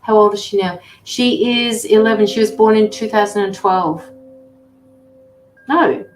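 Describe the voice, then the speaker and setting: A chatty, affectionate woman talks through a casual livestream as a tarot reader. Her voice sits at a middling pitch and carries a roomy echo. Faint music plays underneath. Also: a little slow. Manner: chatty and affectionate, fussing over her dogs. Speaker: intuitive tarot reader and medium. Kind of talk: casual livestream chat with viewers.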